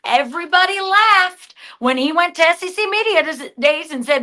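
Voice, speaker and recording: A woman with a Southern accent, co-hosting a casual sports talk show, emphatic and quick to restart her sentences. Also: very high-pitched, expressive, pushed and bright. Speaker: podcast co-host.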